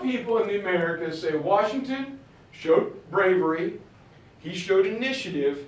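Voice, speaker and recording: A man giving a casual history lecture to a room, telling the story with lively asides and slangy voices for historical figures. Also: high-pitched, normal speed. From western Pennsylvania. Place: room with audience. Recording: echoey room, mic at a distance.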